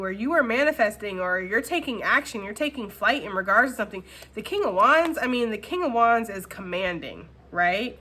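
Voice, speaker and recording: A woman's voice: a little high, fairly bright tone. A woman talking through a casual tarot card reading at home in a chatty way. She laughs often and repeats phrases. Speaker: tarot reader.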